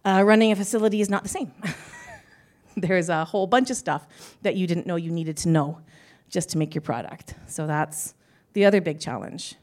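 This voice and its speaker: Chatty woman with a low voice. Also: brisk, darkish tone. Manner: laughing, self-deprecating, chatty. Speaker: panelist, business owner. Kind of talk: live panel talk.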